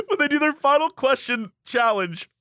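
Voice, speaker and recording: A man's voice: very high-pitched, animated, measured pace, sharp tone, dry recording, studio quality. A man co-hosting a casual chat, telling a story animatedly and laughing often. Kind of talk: casual chat recapping a reality show.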